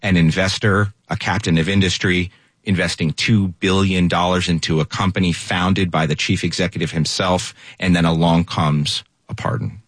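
A man's voice: low-pitched, fairly even intonation, moderate pace, no echo. A man anchoring a news panel, setting up stories and leading questions to his guests.

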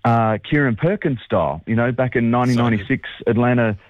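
A man's voice: medium pitch, fast, no room sound. A man calling in as a guest on a sports radio show, chatting in a bubbly, rambling way with lots of fillers. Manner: bubbly, rambling, laughs often, many fillers. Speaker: sports broadcaster phoning in as guest. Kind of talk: excited phone interview. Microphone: telephone. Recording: dry tinny phone line.

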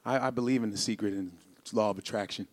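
A man doing a stand-up comedy routine, animated and profane, shouting and laughing in bursts and slipping into high squealing impressions. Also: fast. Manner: slips into high-pitched impressions.

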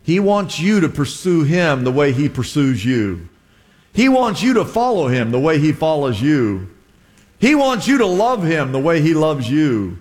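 A man's voice: a little high, very animated, a little slow, a little mellow, long reverb tail. A man preaching a sermon as pastor, retelling a story with voiced quotes and jokes. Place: church.

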